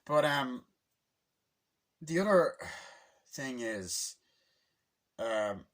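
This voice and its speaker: Guy ranting happily about a movie, mid pitched, rambly, curses a lot, does little character voices. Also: lively intonation, a bit bright. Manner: enthusiastic, swears casually, acts out scenes in quick voices; loose and rambling with many fillers. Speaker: movie reviewer. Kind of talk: casual rambling film recap.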